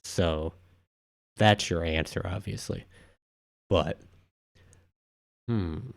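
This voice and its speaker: A man's voice: low-pitched, expressive, measured pace, gravelly, long pauses. A man hosting a casual live stream, rambling offhand through viewer comments with frequent asides. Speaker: livestream host.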